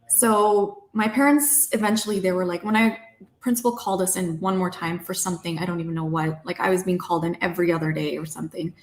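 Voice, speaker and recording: A young woman from Canada, a guest telling her life story in a lively way, acting out herself and her parents as she goes. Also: on the low side, fast talker, roomy sound. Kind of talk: personal storytelling.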